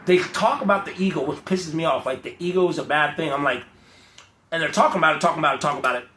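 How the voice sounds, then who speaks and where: A man's voice: a little high, racing. Heated, profane young man ranting, echoey. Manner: blunt, heated, swearing, mocking others in put-on voices. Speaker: vlogger. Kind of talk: profane off-the-cuff rant. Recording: echoey, with loud ambient noise.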